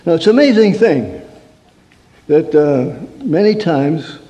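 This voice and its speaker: The counselor's voice sits on the high side, warm and animated, and he takes an unhurried pace. His humorous, sermon-style talk mixes storytelling, rhetorical questions, and mock-angry asides, recorded in a reverberant hall.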